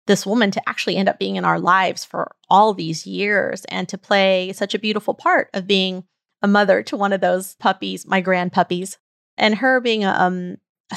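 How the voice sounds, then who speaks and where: A woman podcast host in a reflective storytelling mode, earnest and heartfelt as she lingers over her stories. Her voice carries a slight vocal fry and sits at an ordinary middle pitch. The recording is close and dry, with no room sound. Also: fairly bright tone, no echo.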